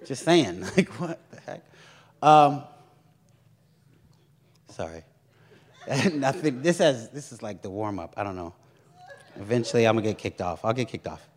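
A young man preaching a sermon in a lively, joking way, acting out the voices of others. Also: mid-range voice, slow pace, long pauses.

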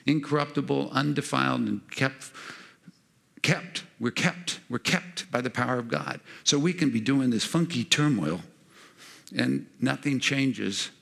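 A man preaching a sermon, animated and acting out the voices he quotes. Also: mid-range voice, unhurried, creaky.

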